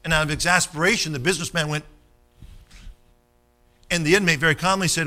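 A man's voice: fairly high pitch, fairly even intonation, brisk, pauses often, bright, forceful tone. A man preaching a sermon, telling stories and calling for amens from the congregation. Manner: storytelling, rousing, calls for amens.

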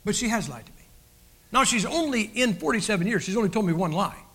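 A man's voice: sits high, expressive, fast, a bit bright, breathy edge. An older man, preaching a sermon in a folksy, joking style with many restarts. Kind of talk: sermon with humorous stories.

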